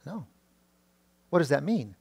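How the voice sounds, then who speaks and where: A middle-aged male pastor giving a sermon, often restarting his words and rising loud and high on key points. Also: sing-song, a little slow, vocal fry, husky, dry recording. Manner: preaching with many restarts and repeated words; rises to a loud high pitch when stressing points.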